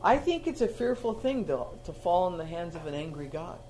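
A preacher who teaches in a relaxed, chatty way and then breaks into sudden loud emphasis on repeated key words. The voice sits at a middle pitch, and faint ambient noise can be heard behind it. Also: a little fast. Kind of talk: sermon.

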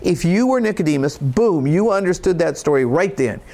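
A man's voice: fairly high pitch, lively intonation, moderate pace, darkish tone. A man preaching a sermon, reading scripture and explaining it in a conversational, folksy way with casual asides. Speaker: pastor.

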